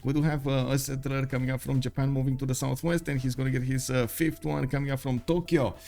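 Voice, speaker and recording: A man's voice: medium pitch, little pitch movement, fast talker, gravelly, a little mellow. A man casting a strategy game live, chatting to viewers between plays with many fillers. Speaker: esports caster. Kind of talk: live game commentary with chat replies.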